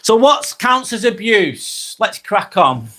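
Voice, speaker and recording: Northern English male live-streamer, slightly high voice, chatty and blunt, repeats himself. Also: very animated, slow pace, pushed and bright. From England. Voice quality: blunt, swears freely. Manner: chatty, repeats points, thanks viewers. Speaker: live vlog host. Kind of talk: casual live-stream talk.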